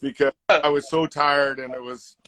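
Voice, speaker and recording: In an interview, a middle-aged man who once played hockey tells relaxed stories and animatedly acts out the quoted parts. He talks at a normal speed in a voice on the high side. The recording is dry and of low quality.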